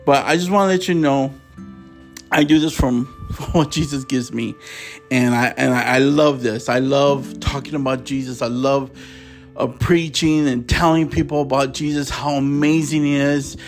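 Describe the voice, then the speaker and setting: A man's voice: medium pitch, fairly even intonation, moderate pace, faint music behind. A man hosting a preaching podcast, speaking with passion and stumbling a little when he reads scripture aloud.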